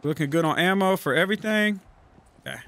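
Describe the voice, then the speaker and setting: A man giving casual gameplay commentary, trash-talking enemies loudly with plenty of profanity. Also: high voice, fairly quick. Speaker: gaming YouTuber.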